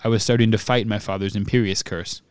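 A man reading aloud in a flat monotone as a young male dark wizard confessing. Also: fairly low pitch, quick pace, smooth, no echo, lightly acted.

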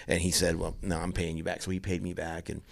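A middle-aged man telling a personal story in an earnest, halting way, often restarting his sentences. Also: low voice, monotone, vocal fry, dry recording. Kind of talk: candid conversational storytelling.

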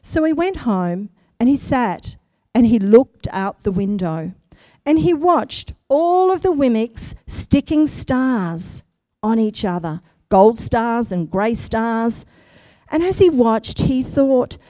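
A woman reading a children's story aloud, expressive and speaking directly to her young listeners. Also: on the high side, takes it slowly, dry recording.

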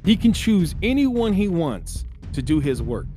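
A man's voice: high-pitched, sing-song, unhurried, warm tone, faint music behind. A man hosting a podcast, delivering an earnest, sermon-like spiritual monologue that exhorts listeners as brothers and sisters. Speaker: podcast host.

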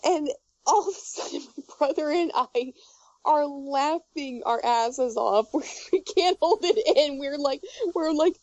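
A high-pitched woman spins a story at an unhurried pace, breaking into laughter again and again. Her talk is loose and profane. The sound is dry and close. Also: darkish tone, no room sound, dull audio. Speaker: podcast co-host telling a story. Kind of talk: casual chat, storytelling.

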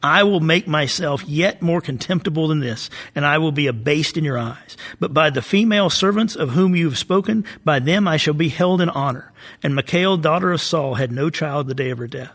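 A man's voice: on the high side, normal speed, fairly bright tone. A man with a Southern US accent discussing scripture in a casual Bible study conversation, often adding "right?" and laughing easily. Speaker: co-host of a Bible study podcast.

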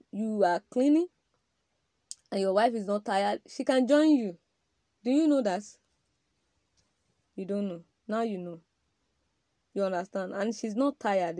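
A woman's voice: mid-range voice, dark tone, dry recording. A woman giving an emphatic, preaching-style podcast talk on marriage, addressing men directly with repeated rhetorical questions.

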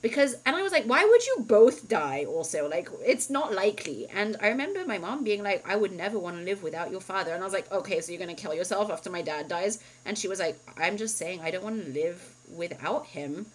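A woman in her thirties co-hosting a podcast, telling a story in a casual, animated way, full of "like" and the odd swear. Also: mid-range voice, quick pace, few pauses, poor audio. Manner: animated storytelling, heavy use of "like", swears freely. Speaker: podcast co-host.

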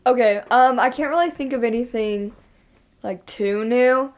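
A woman's voice: a little high, unhurried. A young woman co-hosting a casual podcast, upbeat, filling her talk with "like". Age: young adult. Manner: upbeat, says "like" a lot. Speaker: podcast co-host.

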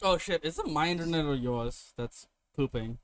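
A young man with a fairly high voice hosts a podcast in loose, casual chat. He jokes and swears freely and keeps breaking into laughter. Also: animated, moderate pace, dry recording. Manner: joking, swearing, laughs often. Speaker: podcast host.

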